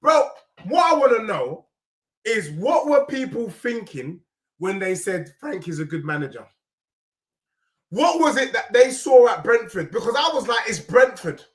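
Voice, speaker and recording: A young man, hoarse from shouting as he rants through a football reaction as the channel's host. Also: sits high, sing-song, unhurried. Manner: ranting, often shouting.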